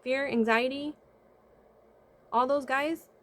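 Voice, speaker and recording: A high, fairly bright female voice comes through slowly and in a steady tone. The speaker, a vlogger and spiritual consultant, offers casual life advice to camera, using rhetorical questions and "right?" to check in. She often hums "mm-hmm" as she thinks out loud.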